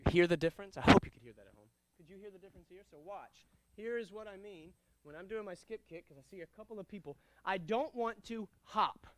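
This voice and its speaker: A high, smooth-voiced man runs a karate class, calling out drills, counts and commands with energy. He explains technique to his students in a clear, commanding way. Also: quick pace, hardly any pauses, a bit bright, no room sound. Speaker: karate instructor. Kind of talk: martial arts class instruction.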